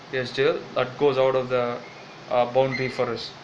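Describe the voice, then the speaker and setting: A man with an Indian English accent who interviews in a meek, polite, apologetic way. His tone is bright and a little sharp, and light background hum runs behind him. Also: mid-range voice, little pitch movement, normal speed, low-quality recording. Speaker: comic sketch host, interviewer. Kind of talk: comic double-role sketch.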